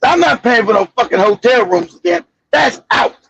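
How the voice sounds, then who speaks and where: A man hosting a casual chat, telling a long story in an animated, profane way with many restarts. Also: very high-pitched, moderate pace, gravelly, breathy edge, dry recording, muffled recording. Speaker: show host.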